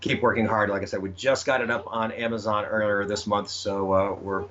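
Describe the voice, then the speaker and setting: A man's voice: lowish voice, little pitch movement, fairly quick, fairly bright tone. A man answering interview questions about his children's book, hesitant, with many fillers and restarts. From United States. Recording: slightly muffled with faint noise.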